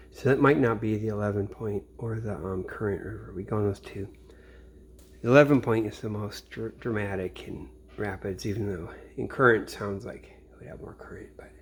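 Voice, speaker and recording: A man's voice: fairly low pitch, a little hiss or hum. A man from Missouri in a rambling late-night monologue. He swears a lot and often trails off into mutters. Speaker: vlogger.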